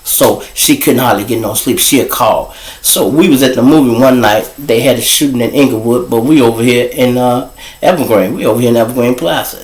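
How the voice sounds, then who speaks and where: A man telling casual, profane street stories as host, animated and swearing freely. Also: a little fast, reverberant, rough recording. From Chicago. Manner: animated, profane, jumps to high voices for quoted people. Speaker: storyteller host.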